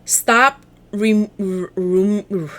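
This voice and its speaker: A woman's voice: mid-range voice, fairly even intonation, drawn-out words, fairly bright tone. A woman giving a casual tarot reading, blunt, chatty and encouraging, often restarting her sentences. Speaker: tarot reader.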